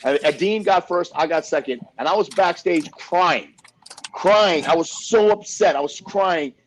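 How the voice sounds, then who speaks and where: A man hosting a casual chat, telling animated, profane stories and acting out what others said. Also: sits high, a little slow, a little hiss or hum. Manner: animated storyteller, profane, acts out other people's lines. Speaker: host.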